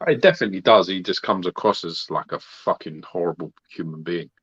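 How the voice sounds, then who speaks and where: Deep husky man, blunt. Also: fairly quick, a bit bright. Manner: blunt, teasing and foul-mouthed. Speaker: podcast co-host. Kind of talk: casual chat. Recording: dry, dull lo-fi mic.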